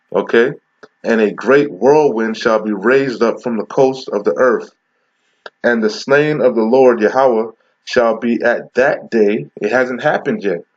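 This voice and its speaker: A man's voice: medium pitch, muffled recording. Profane, confrontational man preaching scripture. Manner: confrontational, profane, repeats "okay?"; slows down to read verses aloud. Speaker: street preacher. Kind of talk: scripture reading with commentary.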